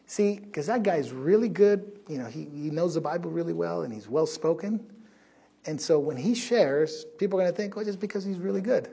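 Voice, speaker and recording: A male pastor preaching a sermon in a church, emphatic, swinging from loud peaks down to a hush. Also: fairly high pitch, expressive, normal speed, creaky, slightly rough. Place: church sanctuary.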